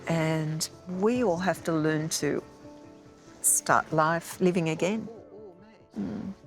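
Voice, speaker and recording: A woman speaking quietly and wearily in an interview about a family loss. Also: sits low, slow pace, soft background music. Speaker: interviewee, victim's relative. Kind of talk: emotional interview.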